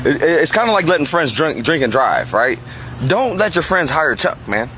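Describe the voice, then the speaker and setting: A man's voice: a little high, big pitch swings, normal speed, pushed and bright, slight background noise, low-quality recording. A man talking outdoors on a roof as a roofing contractor, blunt and heated, cursing freely in a casual vlog. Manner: blunt, heated, swears a lot. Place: outdoors on and near a house roof.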